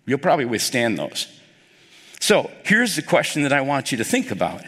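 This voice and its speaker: A male pastor preaching a sermon, telling the story with animated, acted-out dialogue. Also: medium pitch, moderate pace, husky. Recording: long hall reverb.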